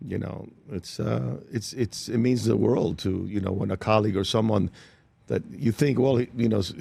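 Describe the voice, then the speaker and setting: A man's voice: fairly low pitch, moderate pace, gravelly, breathy edge, no room sound. An older male actor, a guest on a studio talk show, telling stories and acting out the voices of the people in them. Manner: animated anecdotes, acts out quoted voices. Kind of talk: interview storytelling.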